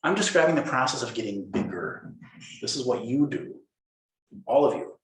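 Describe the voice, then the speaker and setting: A man giving a dharma talk as a Zen teacher, playful and animated, acting out inner voices. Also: mid-range voice, normal speed. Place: meditation hall. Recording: roomy hall echo.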